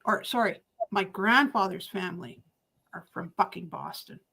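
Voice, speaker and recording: A woman chatting casually, profane and full of quick restarts. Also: medium pitch, gravelly, pushed and bright, husky. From Canada. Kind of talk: casual chat.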